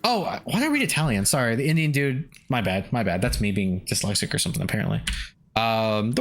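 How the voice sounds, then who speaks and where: A young man streaming a video game, chatting with viewers, swearing and yelling at the game in between. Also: mid-range voice, fast. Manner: animated, swears and yelps at the game, laughs often. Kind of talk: casual gameplay livestream chat.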